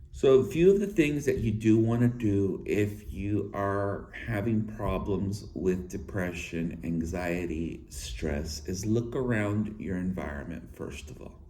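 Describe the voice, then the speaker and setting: A man in his thirties talks slowly to his viewers in a low, mellow voice. He has a slight lisp and a halting way of speaking, often restarting his phrases. The sound is echoey, with faint ambience in the room behind him. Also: slight background noise. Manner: halting, with restarts and filler words. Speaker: vlogger. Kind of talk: personal talk to viewers.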